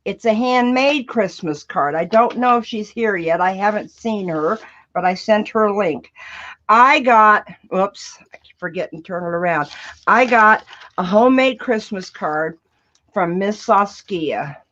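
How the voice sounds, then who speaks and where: A woman's voice: mid-range voice, lively intonation, a little slow, a bit bright. Upbeat woman on dull remote audio. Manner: upbeat and eager, greeting viewers. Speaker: guest artist. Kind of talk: casual live-stream chat.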